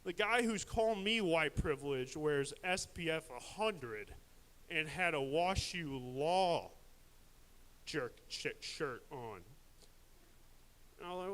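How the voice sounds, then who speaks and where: A man's voice: high voice, expressive, a little slow, bright, forceful tone, a little hiss or hum, rough recording. A young man doing a crude, rambling stand-up set at a live open mic, mocking himself along the way.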